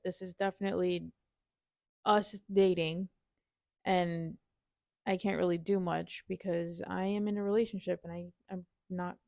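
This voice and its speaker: Young woman with a gravelly low voice. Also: a little mellow, dry recording, studio quality. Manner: frank, reflective, casual. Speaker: podcast co-host. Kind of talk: casual chat.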